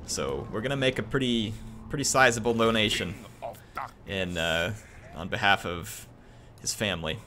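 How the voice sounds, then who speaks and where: A young man on a gaming stream reading a viewer's message aloud, halting and emotional, full of ums, earnest and grateful. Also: lowish voice, lively intonation, background noise. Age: young adult.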